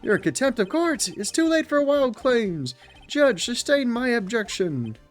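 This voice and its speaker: A man's voice: very high-pitched, big pitch swings, unhurried, soft background music, pitched above the performer's own voice, heavily acted. A man voicing a stern, arrogant older prosecutor who speaks in cold commands. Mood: commanding.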